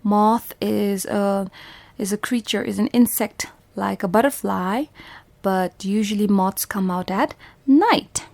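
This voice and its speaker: This woman's voice is gravelly and darkish, medium in pitch and slow in pace. She has a Bhutanese English accent and leads young children through a phonics lesson, patiently sounding out letters and repeating each word.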